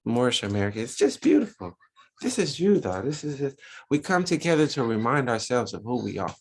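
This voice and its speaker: A man leads a religious Sunday school class. His voice is a bit husky, and he talks with lively rises and falls in pitch. He keeps asking his listeners rhetorical questions. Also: a little fast. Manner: animated preaching, rhetorical questions. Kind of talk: religious teaching talk.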